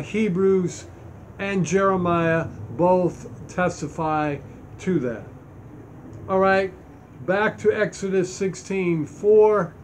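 Man, preacher, high voice, slow deliberate delivery, reads scripture and stresses key points. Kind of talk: Bible teaching sermon.

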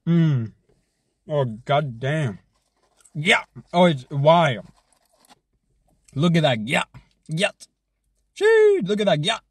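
A man chats casually while he eats on a live stream. His voice sits a little high and is husky, with lively leaps in pitch. The sound is dry and close, and his delivery is loose, jokey and full of swearing. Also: slow pace, pauses often, no room sound. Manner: hyped, joking, swears a lot, chews and hums between bites.

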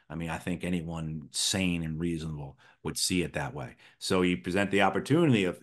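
Middle-aged male guest, very low voice, measured political analysis with fillers. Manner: thoughtful, frequent restarts and fillers. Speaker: interview guest, former Marine officer.

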